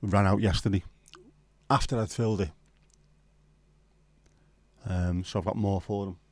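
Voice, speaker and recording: A man's voice: fairly low pitch, fairly even intonation, a little slow, dry recording. A man from northern England hosting a casual livestream chat, rambling with sweary banter. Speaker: livestream host.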